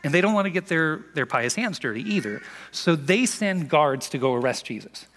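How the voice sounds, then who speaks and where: A man preaching a sermon as a pastor, in an animated, conversational storytelling manner, in a church sanctuary. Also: a little high, moderate pace, a little hiss or hum. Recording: long reverb of a large hall.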